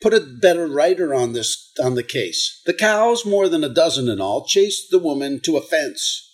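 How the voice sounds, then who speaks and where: A man's voice: a little high, sing-song, moderate pace. A man hosting a comedy countdown show, reading odd news stories and mocking them with sarcastic, profane asides.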